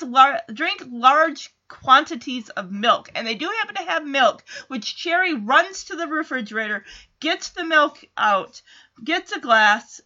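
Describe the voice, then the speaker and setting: A woman casually recapping a TV episode, chatty and animated, acting out bits of dialogue as she retells it. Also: a little high, highs cut off. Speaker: show recapper.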